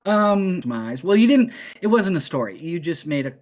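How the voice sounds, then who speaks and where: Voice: mid-range voice, big pitch swings, moderate pace, darkish tone. A co-host on a casual chat show who mostly adds short, teasing reactions and agreements.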